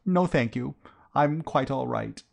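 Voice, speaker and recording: A man reading an audiobook, voicing a sentimental, dreamy young woman with a breathy, whispery, drawn-out delivery. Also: medium pitch, animated, pitched above the performer's own voice. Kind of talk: audiobook character voice.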